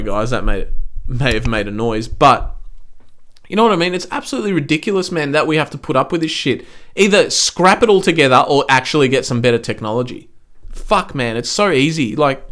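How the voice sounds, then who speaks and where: A man's voice: medium pitch, fairly bright tone, smooth. A man hosting a casual sports podcast, swearing freely, dropping "man" into every sentence and getting worked up. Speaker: podcast host.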